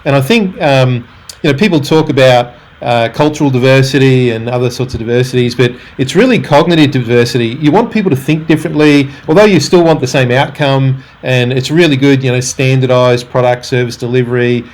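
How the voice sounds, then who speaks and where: A man's voice: medium pitch, a little fast, rough recording. A man hosts a business interview with an ordinary mid-range voice. He reflects aloud and asks long, winding questions. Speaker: podcast host, interviewer.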